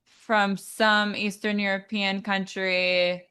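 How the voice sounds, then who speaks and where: A woman singer as an interview guest, talking thoughtfully with many pauses and fillers. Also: mid-range voice, little pitch movement, bright, forceful tone, smooth. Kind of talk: casual interview chat.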